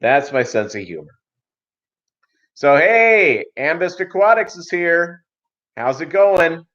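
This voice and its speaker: A man's voice: mid-range voice, fairly bright tone. A middle-aged man hosting a fish-keeping livestream, chatting and telling stories in a rambling, joking way with lots of fillers. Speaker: aquarium livestream host. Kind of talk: casual livestream chat and storytelling. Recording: slightly dull lo-fi stream audio.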